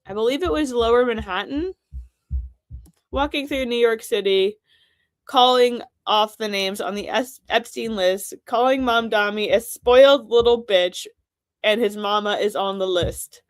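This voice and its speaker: A woman's voice: a little high, measured pace, dry recording, studio quality. A woman hosting casual political commentary, blunt and sarcastic, swearing freely.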